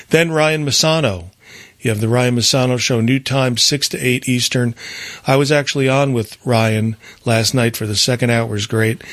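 A man co-hosting a call-in radio show runs through the station lineup in a mid-range, fairly bright voice, recorded with no room sound. It's a casual announcement, loose and rambling, with frequent fillers and restarts.

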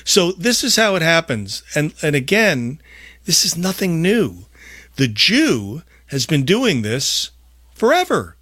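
A man hosting a podcast, talking in an emphatic, rambling way with big swings in loudness. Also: on the high side, big pitch swings, a little slow, dry recording, clean studio sound. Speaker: podcast host. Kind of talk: casual podcast talk.

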